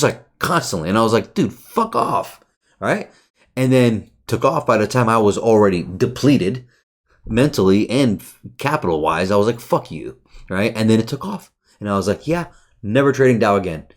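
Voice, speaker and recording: Male trading coach, casual screen-share chart talk, low voice with big swings, profane and hyped. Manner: profane, excitable, rhetorical questions. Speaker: trading educator.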